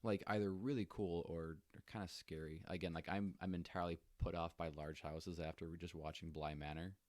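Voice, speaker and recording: A young man co-hosting a podcast, telling stories in a relaxed, jokey way with lots of fillers. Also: low voice, a little fast, dry recording, studio quality. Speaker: podcast co-host. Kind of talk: casual chat storytelling.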